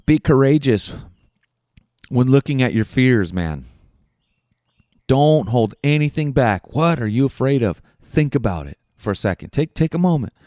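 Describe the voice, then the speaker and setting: Speaking as a podcast host, a man coaches listeners through an earnest self-help monologue built on repeated questions, with casual swearing mixed in. His ordinary-pitched voice is smooth, resonant, darkish, expressive, and unhurried, captured in a dry, close recording.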